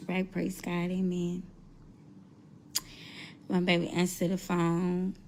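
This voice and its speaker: Mother, emotional and tearful, low gravelly voice, slow halting delivery, faint background hiss. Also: monotone, a little mellow. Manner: slow, halting, holding back tears. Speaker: mother sharing news. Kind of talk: emotional personal account.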